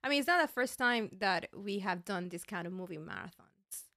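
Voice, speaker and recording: A woman's voice: mid-range voice, lively intonation, fairly quick, pushed and bright, no echo. Hesitant woman guest on a podcast. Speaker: guest host. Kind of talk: casual podcast chat.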